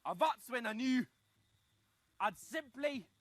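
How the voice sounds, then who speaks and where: A man performing a comic story, chatty and animated, swinging from hushed asides to loud outbursts. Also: very high-pitched, slow, no room sound.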